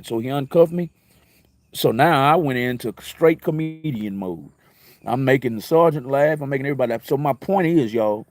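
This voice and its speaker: A man hosting a casual live-stream talk show, telling personal stories in a conversational way, repeating phrases and jumping in pitch for emphasis. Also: very animated, moderate pace, darkish tone, dry recording. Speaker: internet radio talk host.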